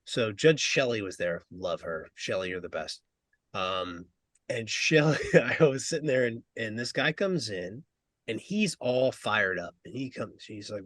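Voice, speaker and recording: A man co-hosting a racing podcast, telling an animated anecdote in a casual chat. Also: mid-range voice, moderate pace, no echo. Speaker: podcast co-host, race judge.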